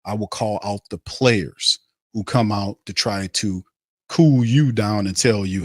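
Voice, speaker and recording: A man's voice: on the low side, a little slow, dry recording, studio quality. Angry New man ranting. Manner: angry, mocking, repetitive ranting. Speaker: sports podcast host. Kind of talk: heated sports rant.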